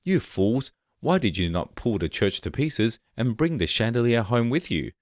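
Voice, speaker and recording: Brief: cruel old cook woman, scolding and shrill, storybook villain, done by a deep-voiced man, dry close sound. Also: expressive, moderate pace, dry recording, natural voice.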